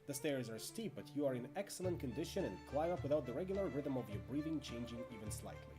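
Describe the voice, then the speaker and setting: Animated man narrating a tabletop game. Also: mid-range voice, fast talker. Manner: chatty asides, stumbles over names. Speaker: game master. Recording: music playing under voice.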